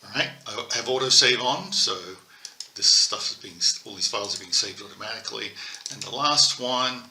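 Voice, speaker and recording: A man's voice: lowish voice, normal speed, pushed and bright, a little hiss or hum. An older man teaching a coding lesson over a screen recording, thinking aloud and correcting himself as he types. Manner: thinking aloud while typing, self-correcting. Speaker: instructor. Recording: echoey room, faint keyboard clicks.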